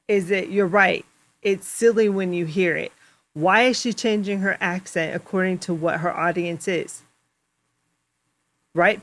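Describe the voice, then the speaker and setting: A woman's voice: on the low side, a bit bright. A female co-host in casual political chat, talking things through and asking questions. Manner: conversational, questioning.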